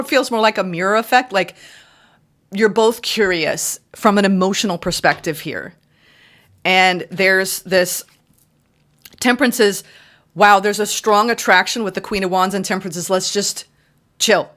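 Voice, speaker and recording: A woman talks her way through a tarot spread in a loose, chatty flow. She exclaims at the cards and slips into playful high-pitched voices to act out quotes. Her pitch sits in an ordinary middle range. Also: a bit bright. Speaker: tarot reader. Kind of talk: casual tarot reading.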